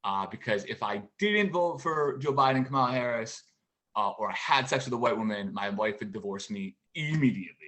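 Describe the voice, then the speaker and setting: A man in his forties doing a stand-up comedy routine from home for a virtual show, with a halting, deadpan delivery and many pauses. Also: medium pitch. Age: 40s.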